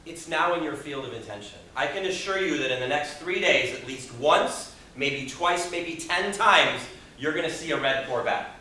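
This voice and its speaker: A man giving a motivational speech to a live audience in a meeting room, expressive and asking the audience questions. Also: fairly high pitch, moderate pace, hardly any pauses, a little hiss or hum. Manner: expressive, acts out quoted people, audience questions. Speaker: Toastmasters speaker. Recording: echoey room from far off.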